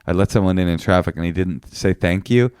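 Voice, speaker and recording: A man co-hosting a podcast, chatting casually and telling stories with animated quoted voices. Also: fairly quick, clear, resonant tone, dry recording, studio quality. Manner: animated storyteller, jumps into high quoted voices. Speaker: podcast co-host. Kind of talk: casual chat.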